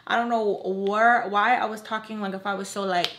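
A woman's voice: medium pitch, fairly even intonation, fairly bright tone. Chatty woman telling a storytime. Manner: chatty, fast, full of "like" fillers and asides to viewers. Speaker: vlogger. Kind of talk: casual storytime narration.

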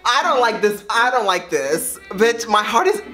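Young female vlogger, excitable and crude, bouncy high voice; light music underneath. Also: moderate pace. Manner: brash, excitable, swears freely. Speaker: prank caller and vlogger. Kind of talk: prank phone call and talking to viewers.

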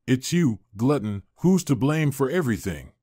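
A man reading the lines of a scheming, bossy older mother-in-law who makes shrill, accusing outbursts. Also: very animated, normal speed, mellow, no echo, studio quality. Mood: scornful.

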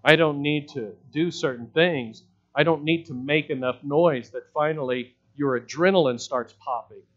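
Pastor preaching with rising emphasis. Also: male voice, fairly high pitch, muffled recording. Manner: emphatic preaching, builds from quiet to loud and slow; repeats words for emphasis. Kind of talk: sermon. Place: church sanctuary.

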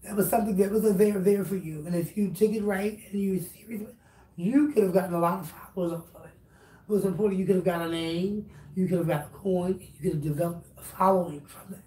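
A woman's voice: fairly low pitch, quick pace, dark tone. Blunt, profane woman lecturing, echoey room. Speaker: YouTuber. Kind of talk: direct-address rant vlog. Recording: roomy echo, distant mic, faint noise.

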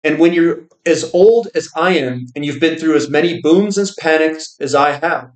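A man's voice: fairly high pitch, normal speed, natural voice. A man reading aloud as a stubborn, dignified old stock trader with a formal, old-fashioned way of speaking. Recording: roomy echo.

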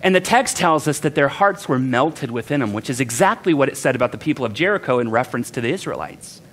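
A man's voice: medium pitch, lively intonation, fast, a bit bright. A man preaching a sermon as a pastor, conversational and self-deprecating, acting out the voices of the people in the text.

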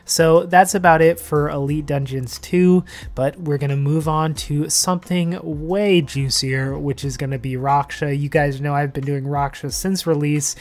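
A man's voice: a little high, steady tone, unhurried, few pauses. Chatty man with a casual gaming vlog voice. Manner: chatty, loose, heavy on "like" and "you know". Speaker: gaming channel host. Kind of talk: casual game commentary vlog. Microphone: desk microphone.

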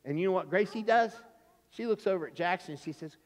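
A man, a pastor, telling a Bible story to children in church, animated and playful, acting out the characters' voices. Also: medium pitch, a little fast. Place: church sanctuary. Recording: church hall reverb.

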